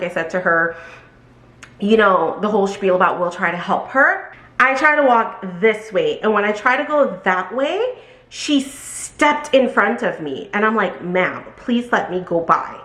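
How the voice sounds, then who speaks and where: Animated woman. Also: echoey room. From Brooklyn, New York. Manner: animated, acts out quotes in high voices. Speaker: vlogger telling a storytime. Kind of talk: casual storytime chat.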